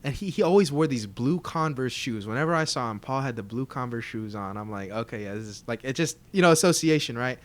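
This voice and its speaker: A young man co-hosting a casual podcast chat, telling stories in a slangy, profane, animated way. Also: medium pitch, a little fast, few pauses. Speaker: podcast co-host.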